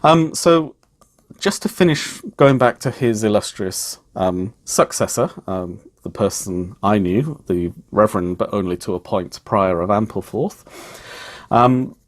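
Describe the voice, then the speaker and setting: Thoughtful man, lowish voice. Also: lively intonation. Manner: measured and thoughtful, with frequent ums. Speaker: vlogger. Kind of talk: reflective personal vlog talk.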